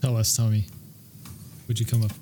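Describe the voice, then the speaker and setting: A man's voice: on the low side, flat delivery, normal speed, noisy background. A man co-hosting a casual podcast, dropping short teasing comments and questions. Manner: brief teasing interjections. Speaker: podcast co-host.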